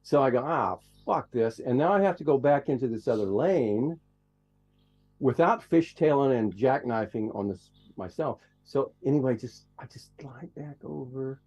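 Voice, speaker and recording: Male truck driver guest, mellow tone, profane rambling storyteller. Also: mid-range voice, animated, moderate pace, dull audio. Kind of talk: casual storytelling.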